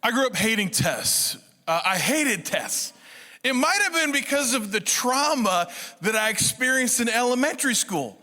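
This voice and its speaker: Bright, high-voiced comic man on stage. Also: measured pace. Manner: animated, comic, chatty. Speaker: motivational speaker. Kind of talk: humorous storytelling talk on stage. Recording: echoey hall reverb.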